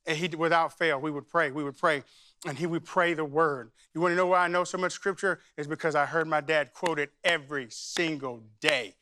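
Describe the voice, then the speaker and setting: A man's voice: a little high, steady tone, a little fast, sharp tone, no room sound. A man who is a senior pastor, preaching a sermon in a church and moving from conversational storytelling into fervent spoken prayer. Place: church sanctuary.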